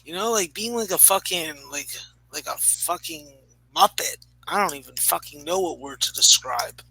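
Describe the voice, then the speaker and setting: A man's voice: a little high, normal speed, gravelly, pushed and bright, breathy edge, rough recording. A man in his thirties ranting profanely in a casual podcast chat. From Canada. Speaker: podcast regular.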